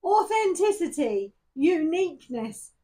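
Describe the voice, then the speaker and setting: A woman's voice: extremely high pitch, big pitch swings, a little slow, mellow. A young woman giving a casual tarot reading to camera, chatty and emotional, laughing and near tears as she talks. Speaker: tarot reader.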